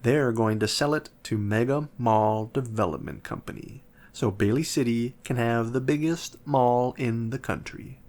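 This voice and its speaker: A man voicing a spoiled, boastful schoolgirl who snaps her lines, in a slow storybook reading. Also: medium pitch, darkish tone, close to an everyday voice. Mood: bratty. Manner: snappy, boastful. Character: spoiled rich schoolgirl, bratty.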